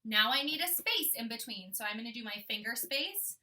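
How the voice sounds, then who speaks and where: A young woman teaching kindergarten, with a very bright, high voice. She thinks out loud and slowly sounds out each letter for young children. She is recorded from a distance from the mic. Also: lively intonation. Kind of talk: modeling writing for young children.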